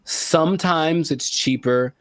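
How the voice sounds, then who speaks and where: A man on a podcast talks in a loose, rambling way, his voice sitting a bit high. He drifts off quietly at the ends of thoughts and then perks up again when something bugs him. The sound is close and dry, with no room in it. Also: slow pace, dry recording. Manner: rambling, trails off quietly, gets worked up. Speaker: podcast co-host. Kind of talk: casual podcast chat.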